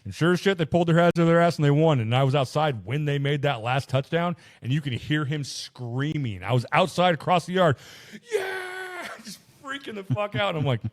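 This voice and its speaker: Talking fast with hardly any pauses, a man with a higher-leaning voice co-hosts a podcast in a studio-quality recording free of room sound. His casual stories are packed with profanity and animated, voiced-out quotes.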